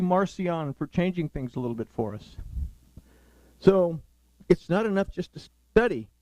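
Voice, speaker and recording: A man's voice: fairly high pitch, warm tone, no room sound, poor audio. Earnest man teaching a Sabbath sermon. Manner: earnest, emphatic, quoting scripture and explaining Hebrew words.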